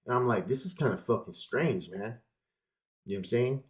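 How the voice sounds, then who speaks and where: A man's voice: medium pitch, normal speed. A man casually telling a personal story straight to his viewers, swearing often and packing his talk with fillers. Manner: profane, animated storytelling with lots of fillers.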